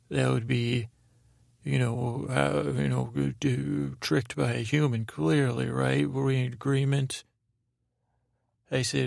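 A podcast host with a very gravelly, creaky voice meanders through an improvised, rambling sleep story, drowsy and low-key, stumbling over words with lots of fillers and restarts. The recording is close and dry, with no room sound.

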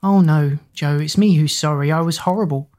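A woman reads as a restless teenage schoolgirl with a snappy, offhand way of talking. Her voice sits a little low, and she sounds distracted and short with the people around her. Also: moderate pace, warm tone, natural voice.

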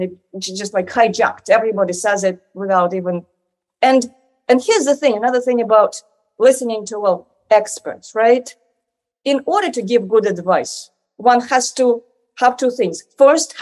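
A woman's voice: a little high, a little mellow. A woman speaking in a conversational interview, rambling and full of "like" fillers and restarts.

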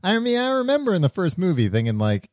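A man's voice: high-pitched, huge pitch swings, fast, darkish tone, no room sound. A man co-hosting a casual film chat, laughing often and defending the movie with many fillers. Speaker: podcast co-host.

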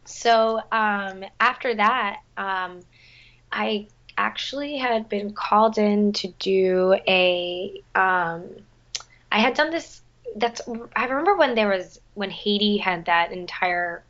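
A young woman talks casually, looping through fillers and restarts as she goes. Her pitch sits in the middle, and the recording sounds a little dull and lo-fi. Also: slow pace, fairly bright tone. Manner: chatty, lots of fillers and restarts. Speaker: guest, musical theater performer. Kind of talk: casual chat.

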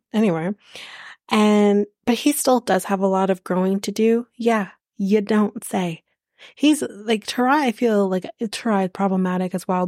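A woman's voice: medium pitch, a little mellow, no room sound, clean studio sound. A woman hosting a podcast, recapping a reality show in a casual, sarcastic, blunt way with plenty of swearing. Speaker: podcast host.

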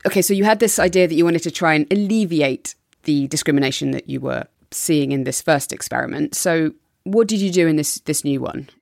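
A woman's voice: low voice, brisk, creaky, darkish tone. A woman interviewer who sums up what the guest said and then prompts her with questions.

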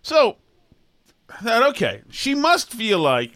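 A man's voice: extremely high pitch, huge pitch swings, slow, a bit bright. A man co-hosting a podcast in casual comedic chat, sarcastic and incredulous as he riffs. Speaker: podcast co-host.

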